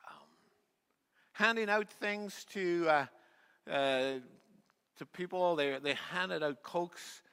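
A male pastor with a fairly high voice, preaching to his congregation in a church. He tells his story with plenty of fillers and restarts, then sinks to a soft hush at key moments. His voice rings out with a long reverb through the hall. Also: slow pace, long pauses, clean tone. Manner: drops to a soft, quiet voice at key points. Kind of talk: sermon. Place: church sanctuary.

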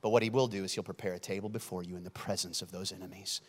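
A man preaching a sermon as pastor, acting out stories with sudden shouts and then dropping soft. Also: low voice, steady tone, very fast. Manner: dramatic, shouts and acts out stories, swings loud to soft. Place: large church hall. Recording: long hall reverb.

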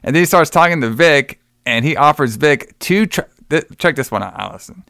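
A man's voice: fairly high pitch, lively intonation, normal speed, gravelly, pushed and bright, dry recording, clean studio sound. A man co-hosting a podcast, retelling a movie in a rambling, casual way with plenty of swearing. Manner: rambling, swearing, acts out quotes with laughs. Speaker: podcast co-host. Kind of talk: casual movie review chat.

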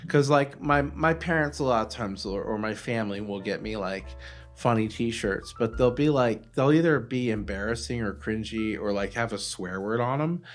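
A man's voice: on the low side, moderate pace, soft background music. A man co-hosting a podcast, riffing in a wry, self-mocking way in casual chat. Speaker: podcast co-host.

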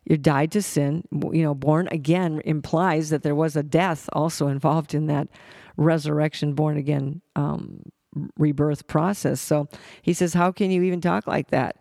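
A man with a gravelly, fry-edged voice teaches scripture conversationally, stumbling over words and circling back as he reads verses aloud. His voice sits a little on the high side for a man. The sound is dry and close, with no room echo. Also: little pitch movement, dark tone. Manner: halting, with many restarts and fillers. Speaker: Bible teacher.

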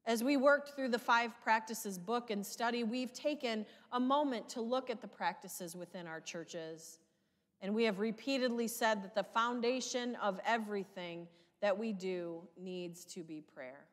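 A woman pastor preaching a sermon in a measured, emphatic way, her questions sometimes rising with passion. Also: fairly high pitch, in a large hall.

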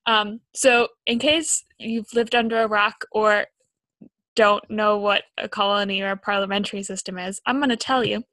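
A woman's voice: medium pitch, steady tone, moderate pace, a bit bright, dry recording. A young woman co-hosting a podcast, chatting and explaining things in a casual, self-deprecating way. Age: young adult. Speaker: podcast co-host.

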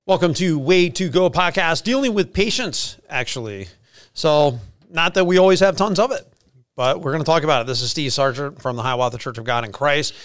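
A middle-aged man, a pastor hosting a casual faith podcast and telling stories in an energetic, chatty way. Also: a little high, fairly quick.

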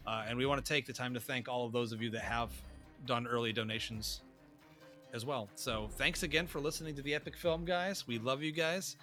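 A man co-hosting a film podcast, talking in casual banter, animated and profane, often laughing. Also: medium pitch, brisk, soft background music. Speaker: podcast co-host.

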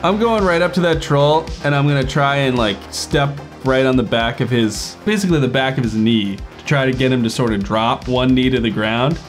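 A man's voice: medium pitch, moderate pace, hardly any pauses. A man with a mid-range voice plays a tabletop game, cheering and swearing as he lays out his character's moves. Faint music sits behind him. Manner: eager, profane player declaring actions. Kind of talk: casual game chat.

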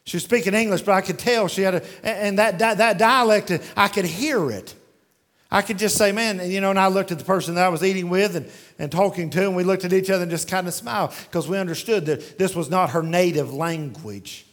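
A man preaching a sermon verse by verse, asking and answering his own questions and slowing down to read scripture aloud. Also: sits high, a bit bright. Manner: varies pace widely, slowing down when reading scripture aloud. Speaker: pastor.

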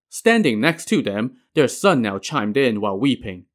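A male storyteller retelling a classic legend in a casual, conversational way. He drops in wry modern asides, in an everyday mid-pitched voice. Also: big pitch swings, normal speed, hardly any pauses.

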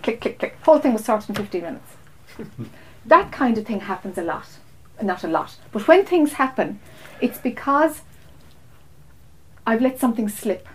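A woman, a spiritual teacher, telling a story to a group in a lively way and acting out her own lines. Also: on the high side. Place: meeting room.

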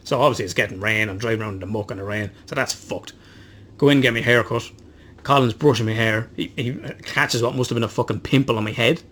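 Rattling off a rambling story at a quick pace, a podcast co-host keeps swearing and poking fun at himself in casual chat. His voice is mid-range and a bit bright.

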